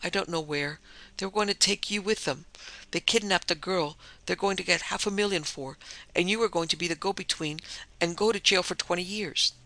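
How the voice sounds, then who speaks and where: A frightened young woman tumbles out her words, rough and breathless, as a male reader puts her on. The voice sits raised and gravelly, with a hard, bright edge. The recording is close and completely dry. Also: sits high, fairly quick, no room sound. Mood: frantic. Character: frightened young woman, sobbing and plain-spoken.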